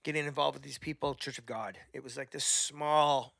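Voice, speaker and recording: A man's voice: mid-range voice, moderate pace, gravelly, no echo. A middle-aged Canadian man, a podcast guest, telling stories in casual chat and acting out the voices he quotes. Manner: animated storyteller, acts out quoted voices.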